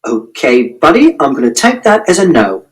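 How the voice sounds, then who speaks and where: Male reader doing a gentle, cautious young woman for an audiobook; higher, animated delivery. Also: moderate pace, rough recording. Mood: soothing. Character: kind young woman with a guitar case. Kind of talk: audiobook reading.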